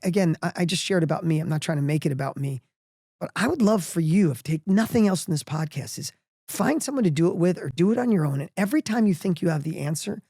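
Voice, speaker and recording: A middle-aged man telling a personal story as a podcast guest, energetic and emphatic, often restarting his sentences. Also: fairly high pitch, quick pace, no room sound, studio quality.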